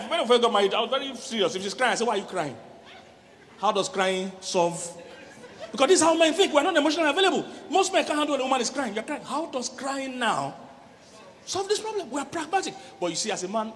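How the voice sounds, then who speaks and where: A middle-aged man, a relationship coach giving a lively church sermon on marriage, often laughing and acting out voices. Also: sits high, big-room sound, slight background noise. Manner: animated, laughing, acts out quoted voices.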